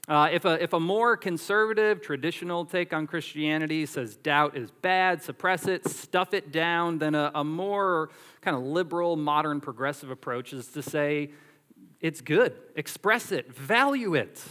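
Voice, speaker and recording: A man preaching a sermon as pastor, animated and emphatic, drawing on everyday illustrations. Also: a little high, moderate pace, long reverb tail.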